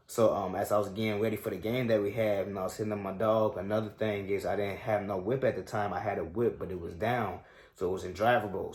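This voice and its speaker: A young man in his twenties with a somewhat low voice tells a personal story on his sports show. He talks casually and reflectively in loose slang, with plenty of fillers. The recording has a noticeable echo from the room. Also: a little mellow.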